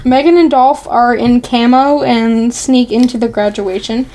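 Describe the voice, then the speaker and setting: A woman's voice: on the high side, fairly even intonation, a little slow, warm tone. A woman chatting casually as a podcast co-host, speaking with lots of "like" and "um" and an easy giggle. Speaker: podcast co-host recapping a TV episode. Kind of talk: casual chat.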